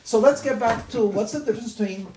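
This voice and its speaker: Speaking at an extremely high pitch and a quick pace, a male rabbi leads a class discussion over crowd noise. He keeps it conversational, repeating himself and laughing at his own examples, in an echoey space with faint noise.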